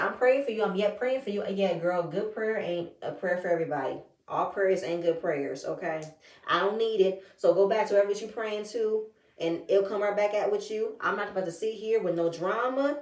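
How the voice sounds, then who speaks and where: A woman giving a sassy, animated recap of a reality show and acting out what the cast said. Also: medium pitch, recorded from a distance. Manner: animated, sassy, acts out the cast's quotes. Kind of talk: casual recap chat. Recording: echoey room, a bit off-mic.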